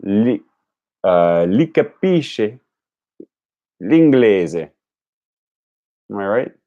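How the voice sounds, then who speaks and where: Slow, low-voiced young man chatting. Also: big pitch swings, warm tone, dull audio. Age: young adult. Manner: repeats phrases aloud, chats with viewers; laughs at own jokes, self-correcting. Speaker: language learning streamer. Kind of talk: casual live stream chat.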